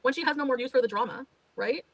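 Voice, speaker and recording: This woman talks fast in a high voice, and the audio is poor. She's a livestreamer, the one being reacted to, ranting heatedly and defensively while cursing in exasperation.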